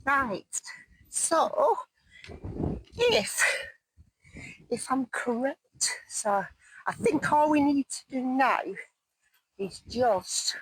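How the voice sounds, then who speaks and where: A woman in her fifties, a solo hiking vlogger, talks to the camera on a countryside hike, asking her viewers questions as she walks. Her high-pitched, expressive, slightly rough voice moves extremely slowly with long pauses. The handheld camera gives a rough recording with no echo.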